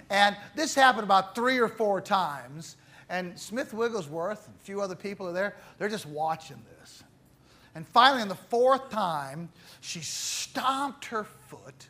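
A man delivering a sermon, his voice high and bright. He takes his time, and he swings between loud, stressed words and quiet, hushed phrases. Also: lively intonation, unhurried. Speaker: preacher.

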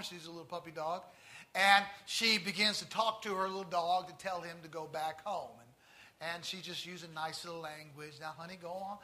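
His voice pitched high, a male preacher tells stories through his sermon. He shifts from near-whispers to forceful declarations and lingers on the phrases that matter most.

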